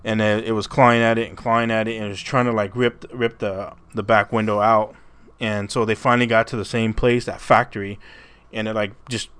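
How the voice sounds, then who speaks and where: A man's voice: fairly low pitch, a bit bright, clear, resonant tone. A man hosting a podcast, telling a story in a rambling, casual way, stumbling over and repeating his words and swearing freely. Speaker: podcast host.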